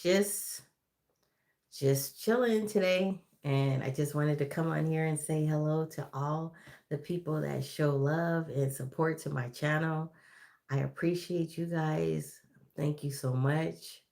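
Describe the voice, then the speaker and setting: A retired woman in her sixties chats casually on a livestream, with a low voice that sits deep in her range. She speaks slowly and easily, filling her pauses with ums as she talks to her viewers. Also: gravelly, a little mellow. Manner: chatty, greets viewers by name, many ums. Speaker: YouTube livestream host.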